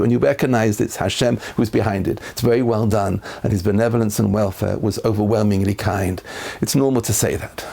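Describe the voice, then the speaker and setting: A man's voice: creaky, warm tone. A man, a rabbi, giving a Torah class in an earnest lecturing manner, his voice rising when he quotes verses. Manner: earnest, rises in pitch when quoting verses.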